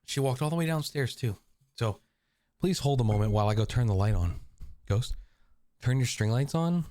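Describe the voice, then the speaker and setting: A man's voice: medium pitch, expressive, normal speed, dark tone, no echo. A man live-streaming from a room at home, chatting playfully with his viewers and his cat. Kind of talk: casual live-stream chat.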